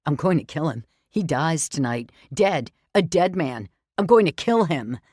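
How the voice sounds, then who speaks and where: A woman's voice: deep voice, very animated, a little fast, dark tone, breathy edge, dry recording, clean studio sound, exaggerated voice. A woman voicing a drunk, devoted and hot-tempered young ex-boyfriend who slurs and pleads in an audiobook. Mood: enraged. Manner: slurring, pleading, then explosive. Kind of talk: audiobook character voice.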